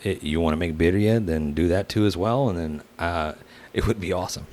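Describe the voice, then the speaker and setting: A man's voice: sits low, brisk, darkish tone. A man with a Texan accent, co-hosting a barbecue podcast in a laid-back, rambling way with casual swearing. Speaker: podcast co-host. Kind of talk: casual chat.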